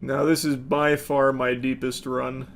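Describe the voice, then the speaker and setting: A man giving live gameplay commentary, excitable, yelling, cursing and laughing in bursts. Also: medium pitch, measured pace, gravelly, slight background noise. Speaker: gaming commentator.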